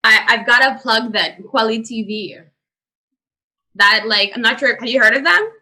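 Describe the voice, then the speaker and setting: A woman's voice: fairly high pitch, normal speed, bright, forceful tone, poor audio. A woman hosting a podcast, chatting casually and making a friendly suggestion with fillers. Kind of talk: casual interview chat.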